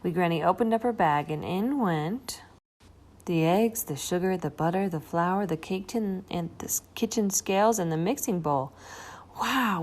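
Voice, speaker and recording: A woman reads a children's picture book aloud in a low voice. She is expressive and slows down on the key moments. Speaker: storybook reader.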